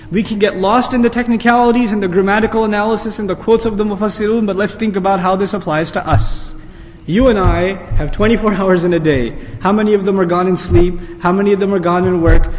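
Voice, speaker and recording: A man's voice: sits high, big-room sound. A man giving an urgent religious lecture, pressing the audience with rhetorical questions and reciting Arabic verses. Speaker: Islamic speaker. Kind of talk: lecture sermon.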